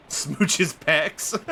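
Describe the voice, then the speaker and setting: A man's voice: on the high side, gravelly, sharp tone, a little hiss or hum. A man streaming a game live, joking, swearing and muttering to himself as he plays. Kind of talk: live gameplay commentary.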